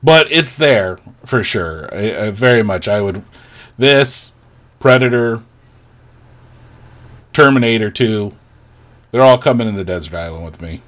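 A man's voice: on the low side, expressive, unhurried, long pauses, a bit bright. A man co-hosting a podcast, chatting casually in a rambling, wry way with many fillers. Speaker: podcast co-host. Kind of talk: casual chat.

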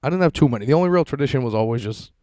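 Racing along in an expressive, mid-range, slightly mellow voice, a man in his thirties hosts a solo podcast from his basement. His rambling stories are profane and self-mocking, and the recording is dry.

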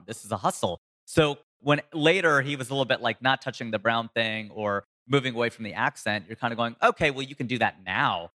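A comedian and voice actor in a casual interview, telling stories with sudden jumps in pitch for emphasis. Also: male voice, bright, forceful tone, in a large hall.

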